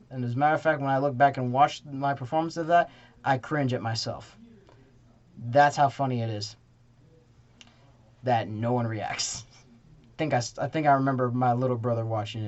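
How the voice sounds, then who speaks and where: Young male reviewer, slightly high voice, rambling and self-correcting, muffled lo-fi audio. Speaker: theater reviewer. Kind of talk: casual spoken review. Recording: dull lo-fi sound.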